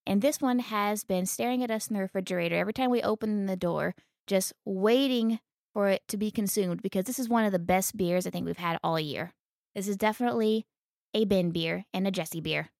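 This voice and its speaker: A woman's voice: mid-range voice, fairly quick, creaky, a little mellow, no echo, clean studio sound. A woman co-hosting a casual podcast, talking in an enthusiastic, teasing way. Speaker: podcast co-host.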